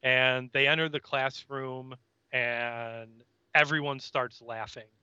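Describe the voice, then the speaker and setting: A man in casual podcast chat, retelling a scene and slipping into the characters' lines. His voice is bright and crisp, recorded dry and close. The sound is slightly dull and lo-fi. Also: mid-range voice, steady tone, takes it slowly, no echo. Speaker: podcast co-host.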